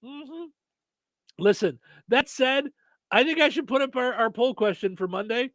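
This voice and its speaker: A man's voice: very high voice, measured pace, a bit bright, no room sound. A man hosting a radio morning show, chatting casually with many fillers and restarts. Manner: rambling, lots of fillers and restarts.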